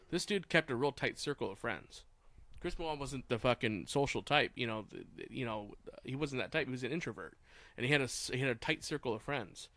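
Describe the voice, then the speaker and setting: A man's voice: sharp tone, no room sound. Blunt, swearing man on a podcast. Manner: blunt, swears freely, drops his voice low. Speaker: podcast co-host. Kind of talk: casual chat.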